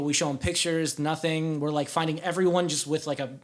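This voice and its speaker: Young male podcast guest, rambling storyteller, a bit high-pitched, loose and profane. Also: fairly even intonation, fast talker. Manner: rambling, filler-heavy, swears. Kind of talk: casual storytelling.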